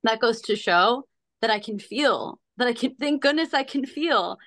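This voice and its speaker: A woman's voice: a little high, animated, moderate pace, fairly bright tone, no echo. A woman in casual podcast chat, telling a personal story in an earnest, emphatic way.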